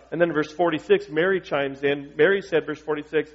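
A man's voice: on the high side, brisk. A male pastor preaching a sermon in a conversational, joking way and asking his congregation questions. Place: church. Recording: dull lo-fi recording.

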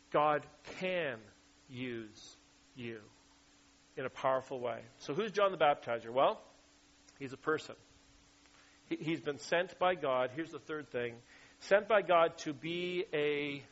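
A male pastor delivers a sermon with emphatic energy, often putting questions to his listeners. His voice sits a little high. The recording sounds dull and lo-fi. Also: fairly bright tone. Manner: emphatic, asks the congregation questions.

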